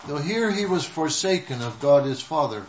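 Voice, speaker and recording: A man preaching a sermon in short measured phrases, pausing so an interpreter can follow. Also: a little high, lively intonation. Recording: echoey room with faint noise.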